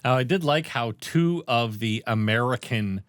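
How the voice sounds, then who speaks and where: A man co-hosting a podcast, chatting casually and excitably about a movie, swearing freely. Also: medium pitch, unhurried, no echo, studio quality. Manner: animated, profane, excitable. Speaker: podcast co-host. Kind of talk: casual movie review chat.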